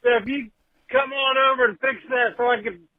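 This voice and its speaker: A man's voice: very high voice, fairly even intonation, brisk, no room sound. A man voicing a crude, folksy old uncle who leaves a rambling, drawling voicemail. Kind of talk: comedic voicemail sketch. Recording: tinny phone voicemail.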